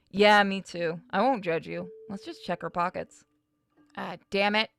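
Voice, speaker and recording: A woman's voice: medium pitch, fairly even intonation, a little slow, gravelly, fairly bright tone, no echo. A woman streaming a game, joking and swearing as she reads its dialogue aloud. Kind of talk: live gameplay commentary.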